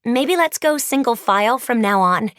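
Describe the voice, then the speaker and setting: A woman reading an audiobook, voicing a curious teenage monster girl who talks in a brisk, blunt way. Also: fairly high pitch, expressive, fairly bright tone, dry recording, studio quality, voice pushed up. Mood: upbeat.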